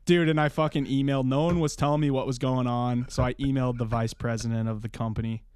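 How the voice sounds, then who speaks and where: A man's voice: medium pitch, little pitch movement, fast, background noise. A young man telling a story on a podcast in casual chat, swearing freely and acting out what others said in a raised voice. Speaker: podcast co-host.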